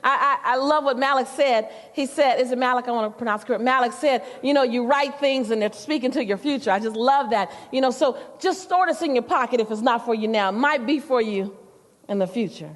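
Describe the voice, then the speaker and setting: A woman motivational speaker with a high voice tells a story on stage, animated and talking straight to the crowd. Her voice rings with a long echo through a large hall. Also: a little fast. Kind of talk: motivational speech to a live audience.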